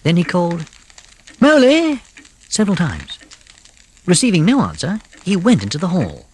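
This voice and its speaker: Expressive storybook narrator. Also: mid-range voice, a little fast, a little hiss or hum. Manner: expressive, with whispered suspense. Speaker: audiobook narrator.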